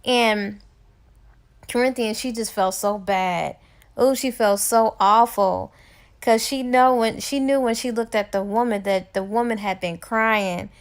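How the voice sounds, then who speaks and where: A woman's voice: on the high side, fairly even intonation, unhurried. A woman giving a casual book recap, chatty and full of fillers. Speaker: book reviewer.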